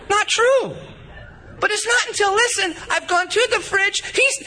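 A man in his thirties preaching a sermon in an animated, repetitive style, acting out little stories from home. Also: very high-pitched, slow pace, pauses often, a little hiss or hum. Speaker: pastor.

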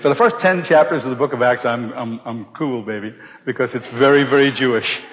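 A middle-aged man telling a personal testimony to a live audience, animated and acting out the voices of the people in his story. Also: medium pitch, brisk. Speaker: speaker giving a personal testimony. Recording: dull recording in a large reverberant hall.

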